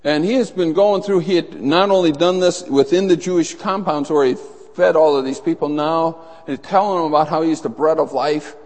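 In a large hall with long reverb, a middle-aged male pastor preaches at a moderate pace in a fairly high voice. His sermon is animated storytelling, complete with voices acted out for his anecdotes.

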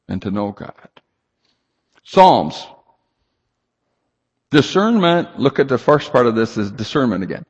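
A man's voice: medium pitch, dull audio. A man preaching a sermon, emphatic and rhetorical, reading scripture aloud and asking the congregation questions. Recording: long hall reverb.

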